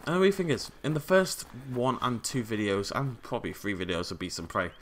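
A man giving casual, jokey commentary over a survival game, prone to sudden startled yelling. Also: fairly low pitch, sing-song, fairly quick, a little hiss or hum. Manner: chatty, jokey, yells when startled. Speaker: gaming YouTuber.

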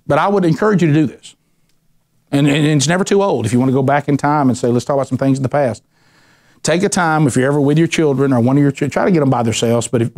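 A middle-aged man teaching a men's Bible study, telling lively stories and acting out voices. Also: mid-range voice. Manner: animated storyteller, acts out voices, ranting bursts.

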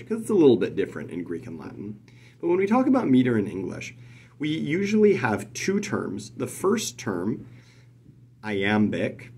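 A man teaching poetry meter, explaining in a lively way and tapping out rhythms with nonsense syllables. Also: fairly low pitch, slight background noise. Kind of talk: explanatory lesson.

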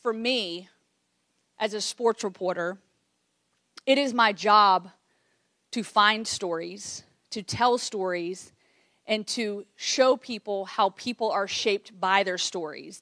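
A woman's voice: mid-range voice, a bit bright, no room sound, studio quality. A woman in her late thirties giving an emotional keynote speech to a live audience, earnest, repeating phrases for emphasis. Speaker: keynote speaker. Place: event room with audience.

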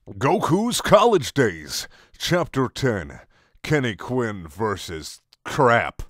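A man's voice: medium pitch, sing-song, slow, a bit bright, dry recording, studio quality. A man doing a comic dramatic reading of a fanfic, mock-solemn with incredulous asides. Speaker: fanfic reader.

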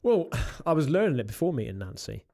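Podcast host, voice sits a little high, blunt and teasing with his mate. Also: sing-song, brisk, vocal fry, darkish tone. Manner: blunt, mocking banter. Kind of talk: casual chat.

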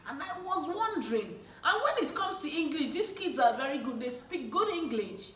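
A young Nigerian woman vlogger with an Igbo accent talks earnestly to the camera, passionately pleading with her viewers. She repeats words often and keeps adding a questioning "eh?". Her voice is high-pitched, very animated, and fairly bright, at a moderate pace with reverberant sound.

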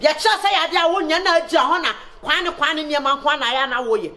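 A woman playing a mother scolding her daughter in a comedy sketch, animated and laughing between words. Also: high voice, very fast. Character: scolding mother, loud and sharp. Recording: echoey room.

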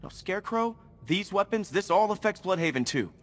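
An actor voicing an earnest young male hero in a video game, speaking in an insistent, steady way. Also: high voice, fairly quick.

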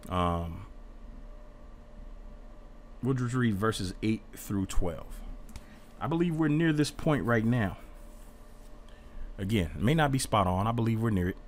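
A man with a fairly low voice leads an informal Bible study. He talks earnestly and a little defensively as he reads and explains passages. A faint hiss sits under his voice.

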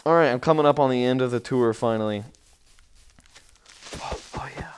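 A man giving casual, rambling commentary on a tour of his game village, easily excited and breaking into sudden outbursts. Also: medium pitch, quick pace, slight background noise.

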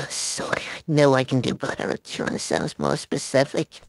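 A woman's voice: a bass voice, steady tone, normal speed, creaky, no room sound, clean studio sound. A woman reading lines for a blooper reel, giggling, stumbling and apologizing as she forgets them.

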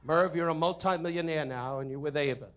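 Man roasting the room in jabs. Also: fairly high pitch. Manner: rapid jabs, mock-sincere asides, frequent "anyway, uh". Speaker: comedian roasting the guest of honor. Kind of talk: insult comedy roast. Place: hotel ballroom at a benefit dinner.

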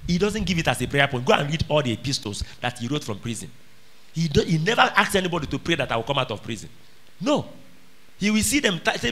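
A man preaching with a bright, high voice that leaps up and down as he drives his points home. He fires repeated questions at the congregation and swings from shouted lines to quiet ones. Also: big pitch swings, fairly quick. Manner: emphatic, calls out questions to the congregation. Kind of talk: sermon.

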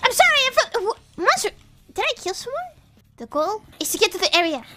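A woman from Europe commentating her live game stream in an excitable way, often breaking into startled shrieks. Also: very high voice, fairly quick, heavy background noise.

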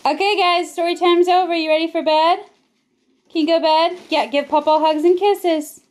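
A mother at home talking to her little children, giggly and gently coaxing. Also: very high-pitched, fairly even intonation, moderate pace. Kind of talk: casual family vlog chat. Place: family home.

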